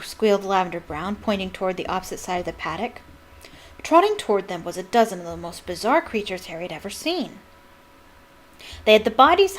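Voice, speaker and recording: A woman reading a novel aloud as a devoted fan. She stops now and then for enthusiastic, chatty asides. Her voice sits at a medium pitch. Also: slight background noise, rough recording.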